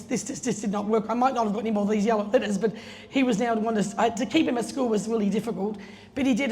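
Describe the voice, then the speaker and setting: A woman's voice: on the high side, a little mellow. A middle-aged woman telling a chatty, laughing story to an audience, acting out the voices of the people in it. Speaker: guest speaker telling a story at an opening. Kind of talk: casual anecdotal speech. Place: event space. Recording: long reverb, faint room noise.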